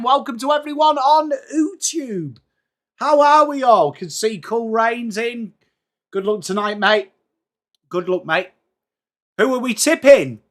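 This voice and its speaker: This English-accented man from England has a high, somewhat bright voice. He hosts a relaxed live watchalong stream for sports, making conversation and calling out viewers by name.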